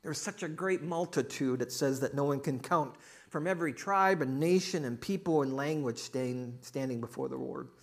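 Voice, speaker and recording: A man's voice: mid-range voice, normal speed. A middle-aged male pastor preaching a sermon, telling a joke story and reading scripture with rising emphasis.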